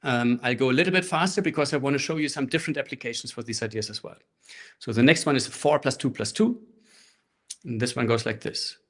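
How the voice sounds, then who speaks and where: Relaxed man teaching over a laptop mic. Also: medium pitch, quick pace. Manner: relaxed, explanatory, chanting rhythm syllables. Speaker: handpan teacher. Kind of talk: live online music workshop. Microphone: laptop microphone. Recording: faint handpan music behind. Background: handpan playing.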